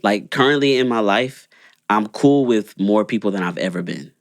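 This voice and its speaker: A man's voice: fairly low pitch, expressive, moderate pace, no echo, clean studio sound. A young man co-hosting a podcast, chatting in a laid-back, rambling way with lots of fillers. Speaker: podcast co-host. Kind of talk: casual chat.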